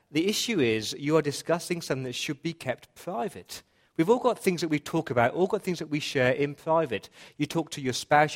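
Earnest male pastor preaching. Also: medium pitch. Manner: earnest, emphatic repetition. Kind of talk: sermon. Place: church.

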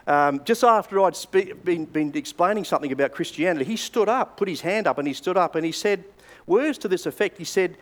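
A man's voice: sits high, animated, fairly quick. An older Australian man preaching a sermon, telling stories in a conversational way with hesitant fillers. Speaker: pastor.

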